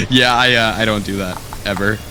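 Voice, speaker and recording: A man's voice: on the low side, noisy background. A man from the USA, a fellow streamer, chatting enthusiastically and laughing easily on a game call. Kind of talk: casual gaming chat.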